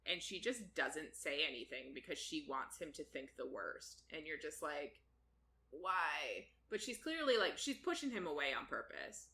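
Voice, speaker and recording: A woman's voice: deep voice, sing-song, normal speed, hardly any pauses, pushed and bright. A woman co-hosting a podcast, chatting casually as she recaps a book, laughing often and swearing freely. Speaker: podcast co-host.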